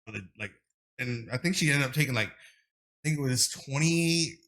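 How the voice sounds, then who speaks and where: Here a streamer in his thirties speaks at normal speed in a mid-range voice while guesting on a podcast. His casual talk drifts into long, rambling anecdotes delivered with animation and constant fillers.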